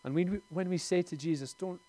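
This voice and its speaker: A man's voice: on the high side, fast talker, dark tone. Man preaching a sermon. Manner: conversational and lightly humorous, with personal stories.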